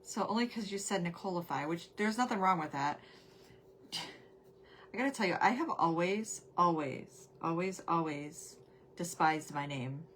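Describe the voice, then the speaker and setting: A woman's voice: fairly low pitch, expressive, measured pace, a bit bright, a little hiss or hum. A middle-aged woman hosting a crafting livestream, chatting casually and rambling while greeting viewers by name. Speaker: crafting show host.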